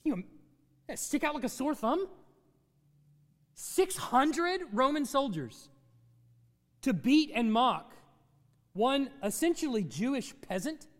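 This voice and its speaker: Animated preacher in an echoing hall. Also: male voice, very high voice, moderate pace. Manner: animated teaching, asks the congregation questions. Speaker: pastor. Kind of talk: sermon.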